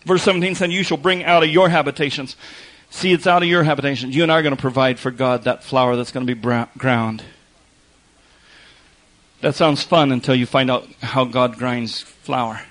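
A man's voice: mid-range voice, fairly even intonation, moderate pace, fairly bright tone, poor audio. A man preaching a sermon in a conversational way, repeating phrases for emphasis and slipping in wry asides. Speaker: pastor.

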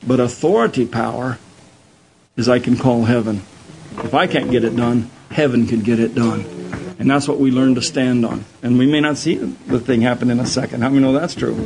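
A man preaching a sermon, telling Bible stories in an animated way and often repeating his words. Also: mid-range voice, moderate pace, creaky, noisy background.

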